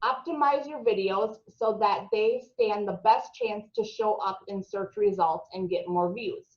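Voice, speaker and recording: This woman's medium-pitched voice swings widely in pitch, and she takes her time. Running a marketing training session for a room of trainees, she chats, asks the group questions and sometimes fumbles a word; the recording sounds dull and lo-fi.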